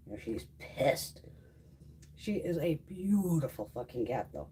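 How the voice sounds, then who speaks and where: A woman hosting a casual beauty livestream with a slightly husky voice, swearing freely as she chats. Her pitch rises and falls a lot, and she coaxes her cat in a high sing-song voice. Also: very animated, takes it slowly, mellow.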